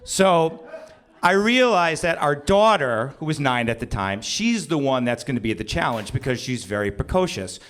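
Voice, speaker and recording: A middle-aged man telling a self-deprecating comic story on stage at a small live venue. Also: medium pitch. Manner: animated, self-deprecating, voices others in quick bursts.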